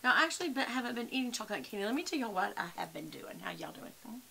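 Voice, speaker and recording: Chatty woman with a bright voice. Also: on the high side, sing-song, very fast, vocal fry, a little hiss or hum. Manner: chatty, rambling, addresses viewers as y'all. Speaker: vlogger. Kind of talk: casual chat to camera.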